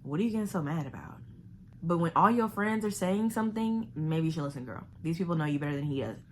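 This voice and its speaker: A young woman, chatting animatedly at home as she reviews a thriller she just read and sometimes dropping to a hushed whisper. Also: deep voice, lively intonation, fast talker, slight background noise. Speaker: book vlogger. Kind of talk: casual chat reviewing a thriller. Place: home living room.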